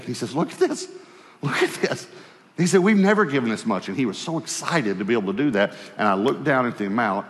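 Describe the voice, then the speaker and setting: A man preaching in a church hall with a long reverb trailing his words. His voice sits on the low side. He tells his story with lively acted-out exchanges and sinks into a quiet, low tone whenever he speaks as God. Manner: animated storyteller, acts out dialogue, dropping low and quiet for God's voice. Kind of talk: sermon storytelling.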